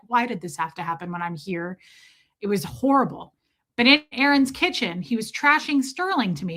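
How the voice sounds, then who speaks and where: Hosting a laid-back livestream, a woman tells a story with lots of emphasis, putting on the voices of the people involved. Her voice sits slightly high and comes across bright and pushed.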